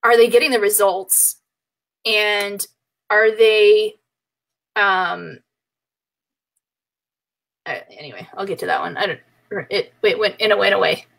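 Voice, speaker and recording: A woman dog trainer chatting casually, animated, laughing often and acting out her clients' voices. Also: medium pitch, unhurried, creaky, pauses often, poor audio. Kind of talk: casual chat.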